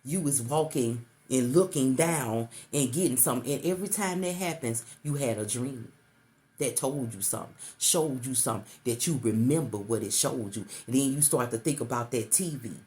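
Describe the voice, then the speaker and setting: A woman's voice: rumbling low, lively intonation, moderate pace, darkish tone. A middle-aged woman doing an intuitive tarot reading to the viewer, repeating herself and calling the listener baby. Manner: repetitive, coaxing, calls listener baby. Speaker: tarot reader.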